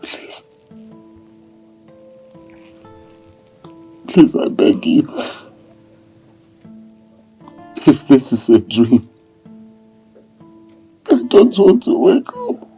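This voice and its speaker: A man's voice: mid-range voice, wildly swooping pitch, slow pace, slightly rough, faint music behind, full character voice. A Nigerian-accented man playing a crippled husband tormented by a spirit, pleading and breaking into anguished cries. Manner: pleading, rising into anguished shouts. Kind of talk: Nollywood film acting.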